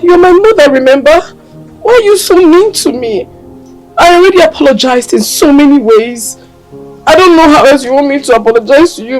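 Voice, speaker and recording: A woman's voice: sits high, a little mellow, close to an everyday voice, rough recording. A woman playing a young daughter who pleads with her mother to forgive her. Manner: begging, pleading. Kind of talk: Nollywood film acting.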